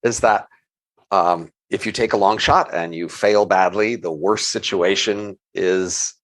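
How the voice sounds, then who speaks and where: Middle-aged male podcast co-host, very low voice, thoughtful and hedging, restarts often. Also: steady tone, unhurried, a bit bright, rough recording. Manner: thoughtful, hedging, repeats words when restarting. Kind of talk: casual intellectual conversation.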